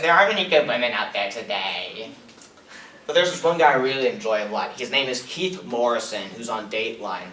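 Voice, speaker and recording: A man's voice: mid-range voice, expressive, fairly quick, fairly bright tone, slight background noise. A young man doing stand-up at an open mic, rambling and self-mocking, often laughing at his own jokes. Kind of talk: stand-up comedy. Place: small room at an open mic. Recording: echoey room, mic at a distance.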